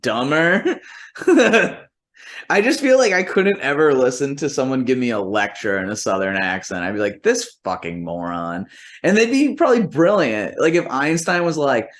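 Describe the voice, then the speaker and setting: Male host, from New England, animated and profane, casual interview banter. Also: a little high, normal speed. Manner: animated, profane, jokey, slips into mocking voices. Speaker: podcast host.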